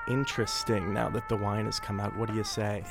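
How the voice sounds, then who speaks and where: A man's voice: fairly low pitch, level tone, brisk, gravelly, music in the background. A man playing a nosey, dreamy woman who teases her friends in an improvised comedy sketch.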